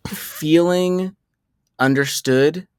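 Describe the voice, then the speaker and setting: A man sharing reflections as a podcast guest, halting, with many fillers and restarts. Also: on the high side, clean tone, no echo, studio quality.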